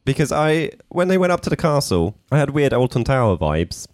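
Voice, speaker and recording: A man's voice: medium pitch, sing-song, brisk, a little mellow, dry recording, studio quality. A man co-hosting a podcast in casual chat, thinking aloud as he makes his points. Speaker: podcast co-host.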